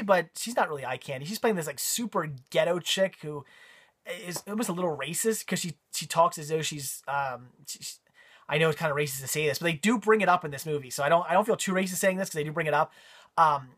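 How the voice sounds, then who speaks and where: A man's voice: on the high side, fairly bright tone. A man giving a casual spoken movie review, rambling with frequent ums and repeated words.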